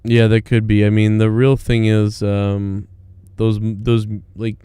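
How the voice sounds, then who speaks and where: A man's voice: fairly low pitch, little pitch movement, slow, warm tone, smooth, dry recording. A man hosting a podcast, chatting loosely with lots of swearing and laughing. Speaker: podcast host. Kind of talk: casual podcast banter.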